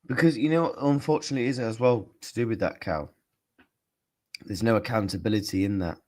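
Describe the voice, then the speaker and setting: A man's voice: lowish voice, fairly quick. A man hosting a casual reaction stream, chatting to his viewers. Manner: chatty, lively asides to viewers. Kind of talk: casual live-stream chat.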